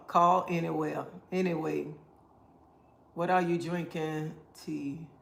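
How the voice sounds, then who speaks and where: A man's voice: fairly high pitch, little pitch movement, takes it slowly, creaky. A man hosting a casual livestream, answering viewer comments and giving preachy life advice. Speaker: livestream host. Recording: roomy echo.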